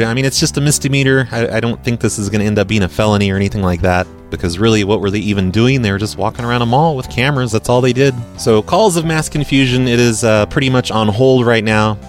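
A man hosting a prank-call show talks in a loose, rambling way full of fillers, at a middling pitch. Faint music plays softly behind him. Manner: rambling, chatty, many fillers. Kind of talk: casual podcast monologue and prank calls.

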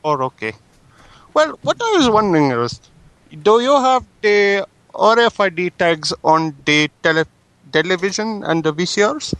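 A man's voice: high voice, sing-song, moderate pace, fairly bright tone, smooth, no echo, full character voice. A man faking an Indian accent to play an indignant customer in a prank phone call, with insistent, stiffly formal phrasing. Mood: polite, persistent. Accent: Indian, put on.

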